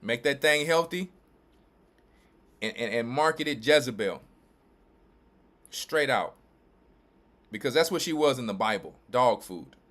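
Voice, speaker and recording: A man from Louisiana and Texas, a church elder and pastor, giving emphatic, repetitive preaching commentary with quick restarts. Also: medium pitch, expressive, fairly bright tone.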